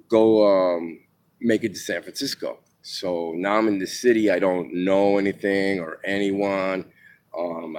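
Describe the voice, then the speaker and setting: Slight background noise sits under a New York man's low voice as he recounts his life in a meandering way. It's a casual spoken memoir, peppered with fillers, false starts and swearing.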